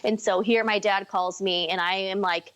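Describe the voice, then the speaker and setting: A woman's voice: mid-range voice, fairly even intonation, normal speed, fairly bright tone, slight background noise. A woman in her forties talking candidly and emotionally as a podcast guest, rambling with many fillers. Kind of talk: casual, candid conversation.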